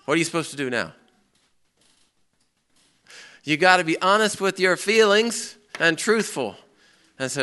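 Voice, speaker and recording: A man's voice: on the high side, fairly quick, clear, resonant tone. A middle-aged man preaching a sermon, acting out people's outbursts and prayers as he speaks. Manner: animated, acts out quoted people and prayers.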